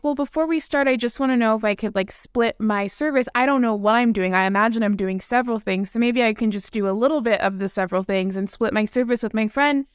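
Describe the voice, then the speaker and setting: Woman chatting away on a podcast, higher voice, smooth and clear, dry close mic. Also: no echo. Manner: chatty, lots of likes and quoted dialogue. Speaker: podcast guest. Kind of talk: casual storytelling conversation.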